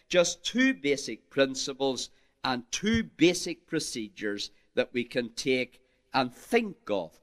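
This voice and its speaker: A man's voice: medium pitch, a bit bright. A man preaching a sermon in an emphatic, rising and falling delivery, addressing his listeners as "my friends.". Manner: archaic King James phrasing.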